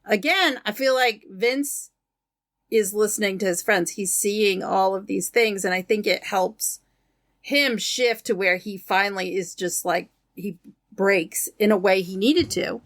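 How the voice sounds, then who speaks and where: A woman's voice: medium pitch, unhurried, no echo, studio quality. A woman co-hosting a podcast, chatting casually and agreeably as she recaps a film's plot in detail. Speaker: podcast co-host. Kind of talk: casual chat reviewing a film.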